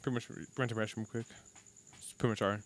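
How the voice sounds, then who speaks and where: A man's voice: lowish voice, fairly even intonation, rapid-fire. A man co-hosting a casual podcast chat, rambling and swearing as he tells stories and acts out what people said. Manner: profane, rambling storyteller, acts out quotes. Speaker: podcast co-host.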